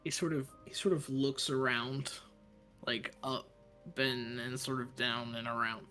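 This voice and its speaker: A man's voice: medium pitch, level tone, a little slow, bright, forceful tone, soft background music. Hesitant man running a tabletop game. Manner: hesitant, searching for words. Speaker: dungeon master.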